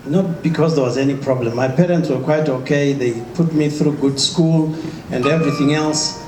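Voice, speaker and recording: A man with a high voice gives an emphatic motivational talk and keeps firing questions at his audience. The sound is echoey, with clear noise behind him, as if he is in a large hall. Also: normal speed. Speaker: motivational speaker.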